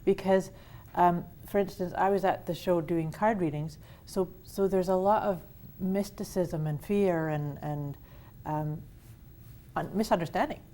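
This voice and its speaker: A woman's voice: fairly low pitch, unhurried, dark tone, a little hiss or hum. A woman hosting a casual conversation about wellness, talking with enthusiasm and frequent restarts. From Canada. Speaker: host.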